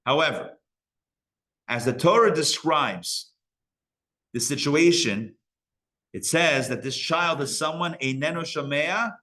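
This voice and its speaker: A man's voice: fairly high pitch, pushed and bright. A man teaching a live Torah class as a rabbi, casual and joking with frequent digressions. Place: synagogue learning center.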